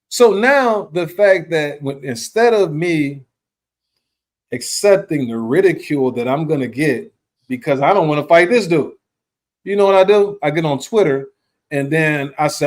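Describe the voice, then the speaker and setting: A man hosting a live boxing talk show, arguing in heated, slangy chat with sudden jumps in pitch and a lot of repetition. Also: lively intonation, moderate pace. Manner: slangy, repeats himself while arguing.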